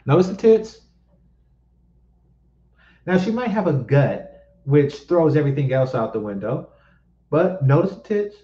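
Blunt mocking man ranting, slightly high voice. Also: very animated, normal speed, warm tone, lo-fi sound. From East Oakland, California. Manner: blunt, mocking, repeats himself for emphasis. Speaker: commentary host reacting to clips. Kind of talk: ranting reaction commentary.

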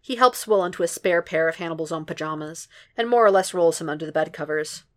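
A woman narrating a fan fiction audiobook in a steady, unhurried way. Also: low voice. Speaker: podfic reader.

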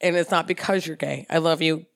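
A woman's voice: low voice, steady tone, fairly quick, dry recording, clean studio sound. A young adult woman co-hosting a casual podcast chat, bubbly and teasing, laughing often. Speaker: podcast co-host.

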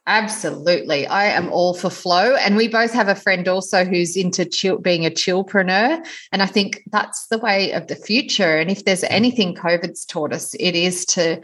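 A woman hosting a podcast, reading a scripted intro and then chatting warmly with her guest, full of praise. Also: on the low side, normal speed, husky. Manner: warm, effusive praise of the guest. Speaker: podcast host.

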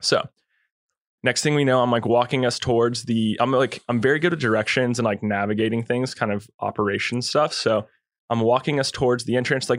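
A man's voice: medium pitch, a little fast, no room sound, studio quality. A young man, a podcast guest, telling a long story in a laid-back, slangy way and acting out quotes. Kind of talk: casual storytelling.

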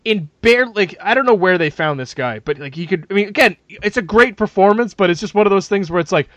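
A man co-hosting a comedy podcast, telling a story in an animated, casual way, swearing often and laughing as he talks. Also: high voice, brisk, no room sound, highs cut off. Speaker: podcast co-host.

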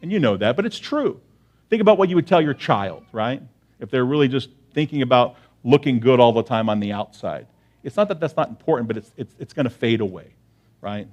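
A man's voice: mid-range voice, animated, brisk, darkish tone, highs cut off. Man preaching a conversational sermon. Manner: conversational preaching with frequent "right?" check-ins; repeats key phrases for emphasis. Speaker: pastor.

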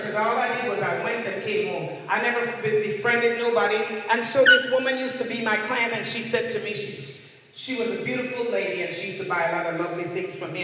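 High-voiced preacher in an echoey hall. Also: male voice, sharp tone, slight background noise. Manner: emphatic, repeats key words. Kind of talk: sermon. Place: church sanctuary. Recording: echoey church hall, distant mic.

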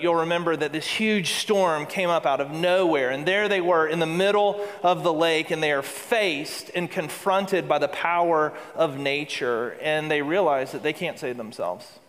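A man preaching a sermon to a congregation, earnest and building to emphatic peaks with repeated phrases. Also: fairly high pitch. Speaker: pastor. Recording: long hall reverb.

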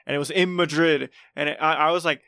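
A man's voice: fairly high pitch, steady tone, fast talker, vocal fry, pushed and bright, clean tone, dry recording. A man in his twenties telling stories in casual chat, stumbling over restarts and fillers.

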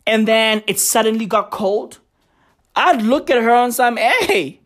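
A man with a voice that sits high and a bit bright gives casual vlog commentary on tweets, speaking a little slowly with fairly even intonation. He's profane and emphatic, cursing frequently and asking the same rhetorical questions again and again.

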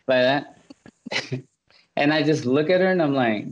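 A man hosting a podcast, telling a funny story in casual chat, laughing and jumping up in pitch to imitate others. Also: lively intonation, normal speed, long pauses, dull audio. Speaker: podcast host.

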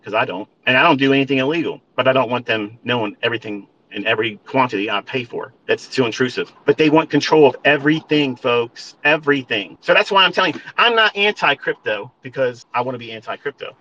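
Male trading host, forceful and bright, profane lecturing rant, dull lo-fi audio. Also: mid-range voice, animated, fast, hardly any pauses, a little hiss or hum. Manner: blunt, swearing, lecturing listeners as folks.

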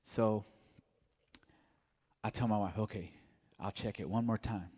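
A man giving a mellow, soft-spoken personal testimony at church. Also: lowish voice, steady tone, measured pace, slightly rough, in a large hall. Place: church sanctuary.

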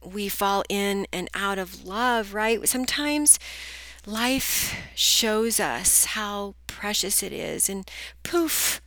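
A woman's voice: mid-range voice, expressive, takes it slowly, bright, forceful tone, no echo. A middle-aged woman hosting a solo coaching podcast, chatty and upbeat, speaking straight to her listeners, a bit groggy today. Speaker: podcast host, business coach.

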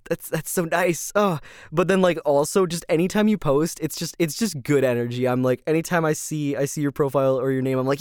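A man hosting a casual rambling podcast, gushing and excitable, full of fillers and laughs. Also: fairly high pitch, a little fast, clear, resonant tone, no room sound, studio quality. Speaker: podcast host.

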